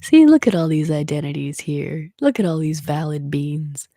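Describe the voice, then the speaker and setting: A woman ASMR streamer talking softly on a livestream, often slipping into whispers, gently encouraging her listeners. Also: low voice, animated, normal speed, dry recording. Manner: soft-spoken, slipping into whispers. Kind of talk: soft-spoken livestream chat.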